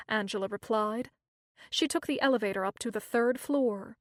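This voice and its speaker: Steady woman audiobook narrator. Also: fairly high pitch, normal speed, no room sound, clean studio sound. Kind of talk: scripted narration.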